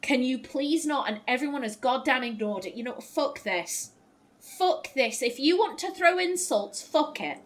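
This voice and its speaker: A woman's voice: high voice, lively intonation, normal speed. A woman commenting on a video game she is playing, ranting in exasperation and swearing freely. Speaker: let's play host. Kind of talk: gameplay commentary.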